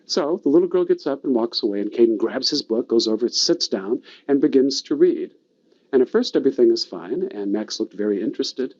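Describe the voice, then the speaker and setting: A man giving a storytelling talk, expressive with dramatic pauses. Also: mid-range voice, muffled recording. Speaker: storytelling presenter.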